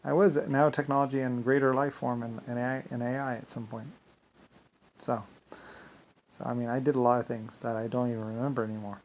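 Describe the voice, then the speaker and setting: A man speaks in an ordinary middle-pitched voice, winding through a long solo vlog monologue. He loops back on himself often and keeps padding his sentences with stock filler phrases. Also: little pitch movement, brisk, darkish tone, slight background noise. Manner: meandering, repeats "like I said" and "blah, blah". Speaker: vlogger.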